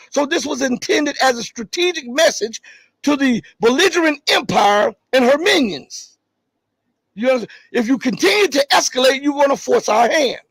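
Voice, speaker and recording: A man hosting a live stream, reading articles and viewer chat, pressing his points hard and then dropping low and casual. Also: creaky, fairly bright tone, no echo. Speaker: livestream host.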